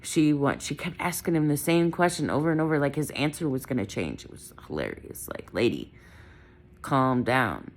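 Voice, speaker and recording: A woman's voice: sits low, sing-song, brisk, few pauses, a little mellow. A middle-aged woman from Wisconsin, talking casually and with strong opinions in a vlog from her car, often ending thoughts with "right?". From Wisconsin, United States. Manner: chatty, opinionated, trailing off with "right?" and "I don't know". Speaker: vlogger.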